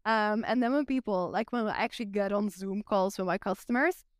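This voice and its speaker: A woman's voice: mid-range voice, fairly quick, no room sound, studio quality. A young woman from Belgium with a Flemish accent, chatting casually as a podcast guest and saying "like" often. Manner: chatty, says "like" a lot.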